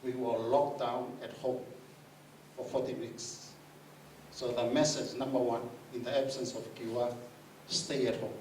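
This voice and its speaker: A man charity trustee speaking slowly and emphatically in a news interview clip. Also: medium pitch, flat delivery, a little mellow, a little hiss or hum. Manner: slow, emphatic. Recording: distant mic in echoey room.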